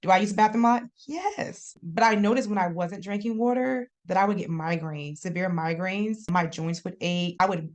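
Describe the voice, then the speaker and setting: A young adult woman chatting casually as a podcast guest, expressive and quick to laugh. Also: mid-range voice. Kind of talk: casual interview chat.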